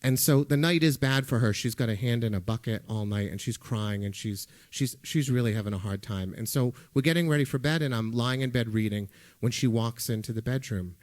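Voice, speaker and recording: Speaking briskly with hardly any pauses, a middle-aged man with a mid-range voice tells a first-person story into a microphone. He performs on a music hall stage for a live audience, using conversational delivery and dry comic timing.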